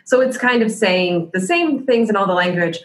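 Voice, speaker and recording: A woman's voice: mid-range voice, animated, normal speed. A woman hosting a podcast interview, speaking in a friendly, explanatory way. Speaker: podcast host.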